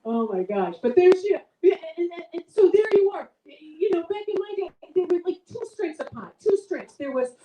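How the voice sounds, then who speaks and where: A woman's voice: very animated, normal speed, few pauses, dark tone, recorded from a distance, slight background noise. A middle-aged woman doing a chatty, self-mocking stand-up comedy set for a live audience. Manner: chatty, self-mocking, big swings in pitch. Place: event room with a live audience. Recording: echoey room, voice off-mic.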